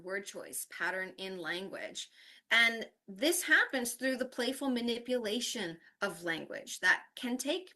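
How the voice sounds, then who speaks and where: A woman teacher presenting an online workshop, explaining ideas step by step and often checking in with a quick "right?". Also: mid-range voice, bright, forceful tone.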